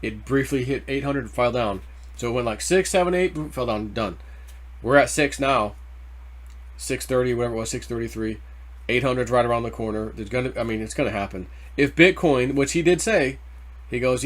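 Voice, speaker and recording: A man hosting a casual crypto video, rambling through price talk in loose slang and getting worked up over the numbers. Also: medium pitch. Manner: rambling, excitable, quick to get worked up over price ticks. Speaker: crypto channel host. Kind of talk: casual market commentary.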